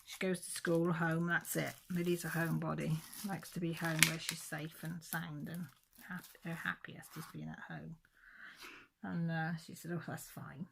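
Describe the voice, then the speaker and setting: A woman's voice: low-pitched, level tone, moderate pace, gravelly, a bit bright, a little hiss or hum. A middle-aged woman from England, chatting casually and telling a long story full of quoted dialogue and restarts. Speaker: crafting vlogger. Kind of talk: casual chat.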